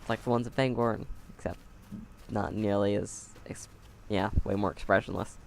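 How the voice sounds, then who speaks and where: A man's voice: lowish voice, fairly even intonation, moderate pace, gravelly, a little hiss or hum. A man playing a video game at home and talking through it on a close mic, chatty and sarcastic with wry asides. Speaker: game player. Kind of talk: let's play commentary. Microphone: close desk mic.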